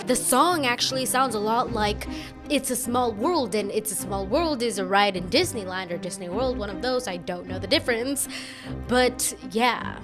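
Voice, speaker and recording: A chatty woman with a slightly high voice gives rambling, casual video commentary. She drifts off on tangents and pokes fun at herself. Music plays clearly under her voice. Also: moderate pace. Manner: chatty, rambling, self-deprecating. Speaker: YouTube commentator. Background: background music.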